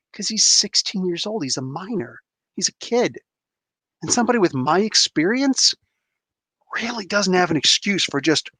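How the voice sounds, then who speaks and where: Lively, emphatic male host in his forties, dry close sound. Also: high voice, no room sound. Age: 40s. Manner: animated, emphatic, acts out voices. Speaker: comic book show host. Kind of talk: opinionated live-stream monologue.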